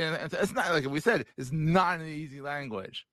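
A man's voice: a little high, normal speed, fairly bright tone, no room sound. A man in his forties hosting a podcast in casual interview chat, joking and laughing at his own quips. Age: 40s. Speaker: podcast host.

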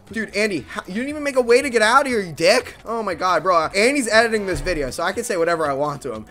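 A young man giving frantic, swearing gameplay commentary as a gaming video creator, swinging between mumbling and yelling. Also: on the high side.

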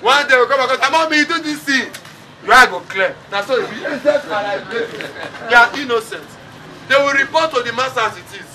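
A man's voice: very high-pitched, fast talker. A man with a Nigerian accent preaching a funeral sermon, mixing English and Pidgin, calling on the congregation to respond. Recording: distant mic with crowd and noise.

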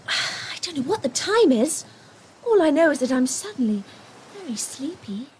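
A young girl, high lively voice swinging up and down, earnest and quick to cry out; faint noise underneath. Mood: anxious. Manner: bright, earnest, breathless outbursts. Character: timid young girl Anne, turning brave. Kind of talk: audio drama acting.

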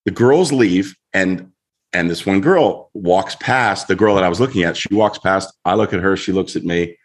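A middle-aged man, a guest on a show, telling a story in an animated way and acting out voices as he goes. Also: sits low, normal speed. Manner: lively, acts out voices in his story.

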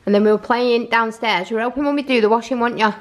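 A woman's voice: a little high, fairly even intonation, fast. A woman chatting casually in a home vlog, coaxing and teasing her toddler. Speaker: family vlogger. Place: family home, indoors.

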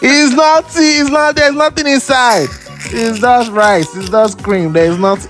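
A man's voice: very high-pitched, fairly even intonation, slow pace, a bit bright, soft background music. Indignant Nigerian man in a TikTok clip. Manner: indignant, exclaiming. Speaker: TikTok reviewer. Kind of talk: social media video monologue.

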